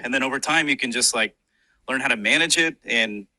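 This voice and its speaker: A man in a played clip explaining how he speaks on an in-breath to sound like a robot, in a calm explanatory way. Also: medium pitch, fairly quick, dry recording. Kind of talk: demonstrating a robot voice.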